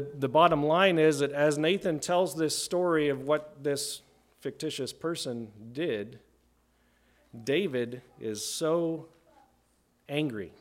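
A man preaching an expository sermon. He talks conversationally, often checks in with "right?", slows down for emphasis and climbs in pitch and volume when he acts out quotes. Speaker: pastor.

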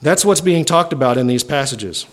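A man's voice: mid-range voice, expressive, moderate pace. A man preaching a sermon as pastor, reading scripture and explaining it in a conversational way, often checking in with "right?".

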